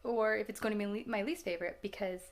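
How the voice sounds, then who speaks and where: A woman in her twenties chatting casually about movies she just watched, rambling, laughing often and restarting her sentences. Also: medium pitch. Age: 20s. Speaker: vlogger reacting to films.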